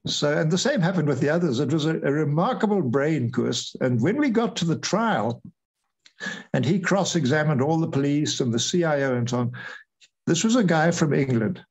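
An older man, a retired air force officer, recounting events as an interview guest, animated and acting out what others said. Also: a little high, moderate pace, breathy edge, poor audio. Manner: lively retelling, acts out quoted voices. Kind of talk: storytelling interview.

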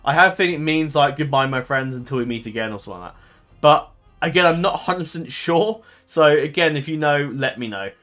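A man's voice: a little high, expressive, a little fast, a bit bright, faint music behind. A man hosting a gaming channel, chatting casually to his viewers in a rambling, hesitant way, often correcting himself and filling gaps with ums.

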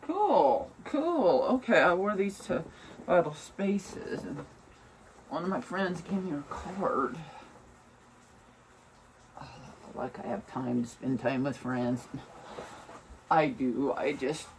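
A woman's voice: sits low, slow pace, long pauses, distant mic. A woman vlogging at home in a casual, rambling way, venting bluntly with lots of swearing. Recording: voice from away from the mic, faint room noise.

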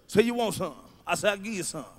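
A middle-aged male stand-up comedian doing a profane routine, swinging from low mutters to loud shouts. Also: animated, racing.

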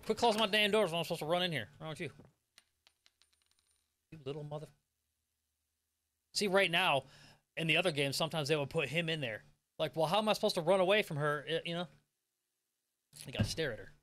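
A young adult man giving excitable, profane horror gameplay commentary and laughing often. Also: a little high, brisk, long pauses. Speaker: gaming streamer.

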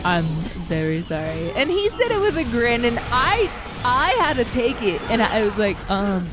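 Animated young woman telling a story. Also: sits high, moderate pace, over music. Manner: animated storyteller, swears casually. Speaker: co-host. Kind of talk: casual chat while watching a show.

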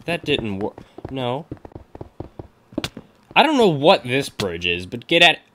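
A young man commentating his own gameplay, excitable, laughing often and talking at his opponents. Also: mid-range voice, takes it slowly, a little hiss or hum. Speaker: gaming commentator.

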